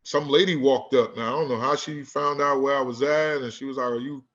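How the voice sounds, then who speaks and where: A man's voice: medium pitch, fairly even intonation, fairly quick, a bit bright, dull audio. A man from Newark who coaches basketball, telling a story in a casual conversation with plenty of "you know what I'm saying.". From Newark, New Jersey. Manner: laid-back street talk, lots of "you know what I'm saying".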